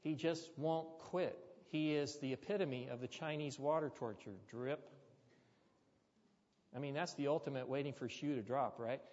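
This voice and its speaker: A man's voice: mid-range voice, normal speed, darkish tone. A man preaching a sermon, telling a story with chatty, joking asides to the congregation. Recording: dull sound with long hall reverb.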